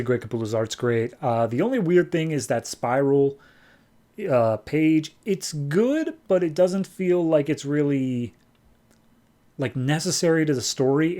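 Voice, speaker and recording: A man hosting a comics podcast, giving a relaxed, offhand review with fillers as he talks. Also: medium pitch. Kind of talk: casual review chat.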